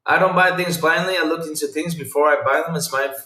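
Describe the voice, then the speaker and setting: A man's voice: on the high side, fairly even intonation, fast talker, bright, forceful tone, reverberant. A man hosting a gaming podcast, chatting casually and reacting to live chat, laughing often and repeating himself.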